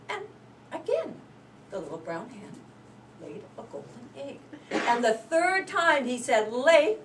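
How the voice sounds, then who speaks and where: Woman telling a folk tale, animated. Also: mid-range voice. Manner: animated, swings from loud to hushed. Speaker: club member giving a speech. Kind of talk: folk tale storytelling speech. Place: club meeting room. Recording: distant mic, faint room noise.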